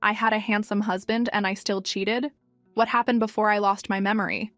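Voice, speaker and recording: Woman reading spirited young wife, pitched up, snappy, dry mic, faint music. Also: flat delivery, fairly quick, dry recording, natural voice. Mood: puzzled. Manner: indignant, higher and brighter than narration. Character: feisty young wife who lost her memory.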